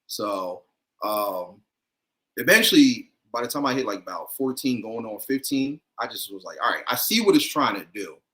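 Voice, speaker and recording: A man's voice: lowish voice, lively intonation, normal speed, sharp tone. A man chatting casually as a livestream guest, telling stories in a laid-back, chuckling way over a video call. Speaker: guest content creator.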